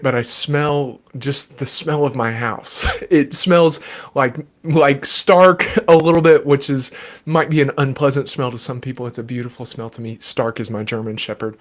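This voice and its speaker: A child therapist who also hosts a podcast answers questions in a live Q&A from his desk at home, offering patient, gentle advice. He speaks at a medium pitch into a desk microphone.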